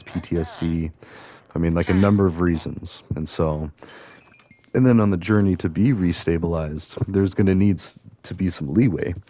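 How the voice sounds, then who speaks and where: A man's voice: deep voice, mellow. A man hosting a gameplay video, thinking aloud in loose, meandering casual talk full of fillers and restarts. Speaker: host playing a video game. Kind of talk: casual rambling commentary over gameplay.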